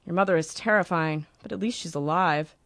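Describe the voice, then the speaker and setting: A woman's voice: fairly low pitch, brisk, a bit bright, no room sound. Woman putting on a sardonic older gent, dry and languid. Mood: droll, sardonic. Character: older gentlemanly uncle, droll and sardonic.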